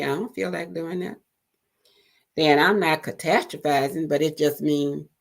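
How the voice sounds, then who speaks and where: A middle-aged woman hosting an encouraging talk show, speaking gently and pausing with fillers and restarts. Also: sits low, creaky. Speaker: host.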